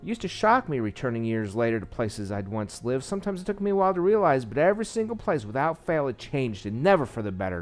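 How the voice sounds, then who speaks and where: A man's voice: mid-range voice, very animated, quick pace, hardly any pauses, soft background music. A man reading a visual novel aloud, with small slips and asides, saying he is losing his voice. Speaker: game narrator.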